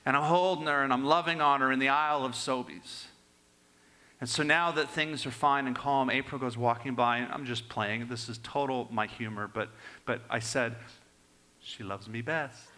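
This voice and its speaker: An older man preaching a sermon and telling personal stories, swinging between raised and hushed delivery. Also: medium pitch, fairly even intonation, normal speed.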